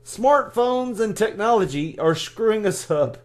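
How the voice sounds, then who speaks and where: Joking podcast co-host, fairly high voice, lots of bounce, laughs often, from the US. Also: male voice, lively intonation. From United States. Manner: jokey, laughs often, quick asides. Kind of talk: casual chat.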